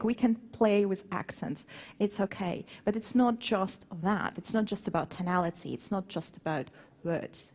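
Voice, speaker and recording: A woman speaking to a live audience in a planetarium, lively and animated, putting questions to the crowd as she goes. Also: medium pitch, breathy edge. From grew up between Moscow and Warsaw. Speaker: conference speaker.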